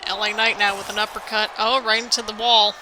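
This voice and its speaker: A woman giving excited, anxious play-by-play commentary over a wrestling video game, exclaiming often and talking to viewers as "people". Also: medium pitch, fairly quick, background noise. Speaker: gaming video host.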